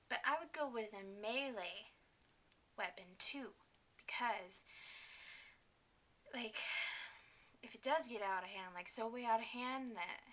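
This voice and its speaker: Bright, chatty young woman vlogging. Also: on the high side. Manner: chatty and enthusiastic, with many fillers and asides. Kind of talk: casual talk to camera.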